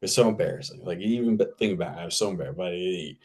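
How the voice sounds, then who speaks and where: A man, an actor guest, telling a casual anecdote in an animated way, repeating himself and laughing as he talks. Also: low voice, racing. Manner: animated, repetitive, laughing mid-sentence.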